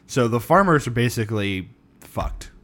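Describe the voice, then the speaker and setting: A man's voice: medium pitch, expressive, normal speed, fairly bright tone. A tired man telling a history story on a podcast in casual chat, rambling, laughing often and stumbling over names. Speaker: podcast co-host.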